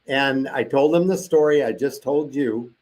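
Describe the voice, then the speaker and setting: A man's voice: mid-range voice, moderate pace, a little mellow. An older man as an interview guest, telling a long personal story and acting out the voices of the people he quotes.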